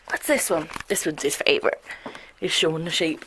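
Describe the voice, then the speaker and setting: A woman's voice: mid-range voice, very animated, moderate pace, noisy background. A young woman vlogging casually at home, cooing affectionately at her puppy. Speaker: vlogger and dog owner. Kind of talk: casual home vlog chat. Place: at home indoors.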